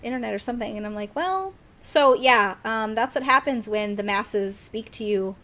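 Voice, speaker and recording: A young woman hosting a casual gaming podcast, chatty and quick to laugh as she reads listener mail. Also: mid-range voice, fairly even intonation, fairly bright tone. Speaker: podcast host.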